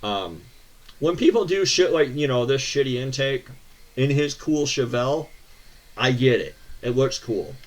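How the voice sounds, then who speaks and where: A man's voice: mid-range voice, expressive, a little slow. Profane, ranting American man. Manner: profane, sarcastic, exasperated ranting. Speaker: car channel host. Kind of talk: ranting reaction to viewer posts.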